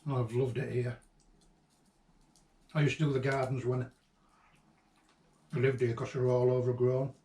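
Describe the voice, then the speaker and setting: Halting man, distant and echoey. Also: mid-range voice, little pitch movement, warm tone. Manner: halting and reflective, with frequent ums and restarts. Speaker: vlogger remembering a late friend. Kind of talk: casual personal reminiscence. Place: at the friend's old house and garden. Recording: roomy echo, distant mic, faint ambient noise.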